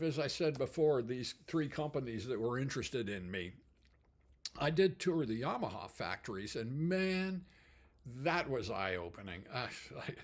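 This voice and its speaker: An older man, a company founder, telling anecdotes in an animated way, chuckling often and acting out other people's voices. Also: on the high side. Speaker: guitar amplifier company founder. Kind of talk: anecdotal storytelling.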